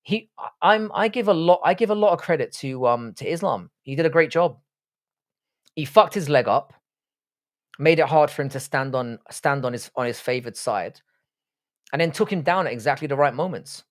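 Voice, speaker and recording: A man's voice: fairly high pitch, animated, normal speed. A man in his thirties hosting a casual live stream, swearing freely and bantering with his chat. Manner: profane, joking banter with chat. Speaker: livestream host reacting to fights.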